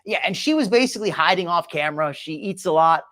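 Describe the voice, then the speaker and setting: A man's voice: high voice, lively intonation, fast, bright, forceful tone. A man hosting a commentary show, talking casually and rambling, often repeating his words.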